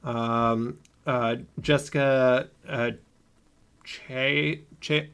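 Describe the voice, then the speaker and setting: Slow-talking guy cohosting a podcast, lots of ums and uhs, casual chat. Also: medium pitch, fairly bright tone. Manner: hesitant, many filler sounds. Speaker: podcast co-host.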